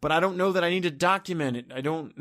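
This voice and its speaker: A man with a fairly high voice rants into the camera in a vlog. He rambles and sounds exasperated, swearing freely and letting his words trail off into low mumbles. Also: fast talker, fairly bright tone. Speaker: vlogger. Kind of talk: ranting vlog.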